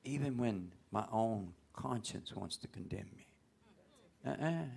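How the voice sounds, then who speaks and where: A man preaching a sermon, often rising into loud outbursts. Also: lowish voice, lively intonation, unhurried, creaky. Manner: folksy, call-and-response preaching with sudden loud outbursts.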